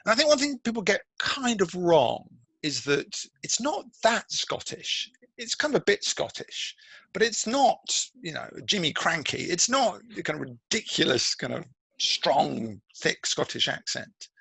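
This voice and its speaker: Male critic, bright and forceful tone, dry close sound, lively and digressive. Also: high-pitched, unhurried, gravelly, slightly rough, dry recording, low-quality recording. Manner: animated, digressive, many restarts. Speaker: film journalist and critic, guest. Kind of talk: podcast interview.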